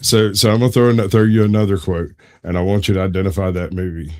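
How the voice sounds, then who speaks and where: Lower-voiced joking male co-host. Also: flat delivery, fast, darkish tone. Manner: joking, teasing, crude humor. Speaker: podcast co-host. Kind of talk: casual chat.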